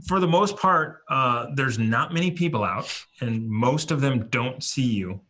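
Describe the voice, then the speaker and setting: Male game master, bright voice, casual and halting. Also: mid-range voice. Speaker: dungeon master. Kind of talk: running a tabletop game.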